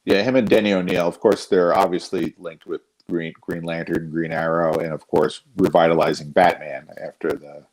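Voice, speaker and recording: A man with a very low, husky voice tells a story at an easy pace. He is a guest artist from Northern New Jersey, talking casually and poking gentle fun at himself. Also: moderate pace, hardly any pauses, rough recording. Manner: relaxed, anecdotal, self-deprecating.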